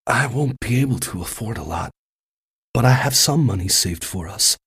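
A man as a quiet, husky young lover. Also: medium pitch, animated, moderate pace. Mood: reassuring. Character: young man, loving and reassuring.

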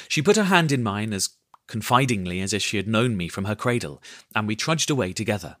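A man narrating a storybook in an expressive, measured reading. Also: on the low side, no echo, studio quality.

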